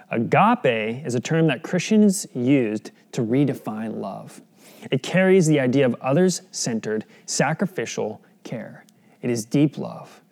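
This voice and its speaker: A man's voice: mid-range voice, creaky, darkish tone. A young adult man preaching a sermon in an earnest, conversational way, often asking the listeners questions. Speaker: pastor.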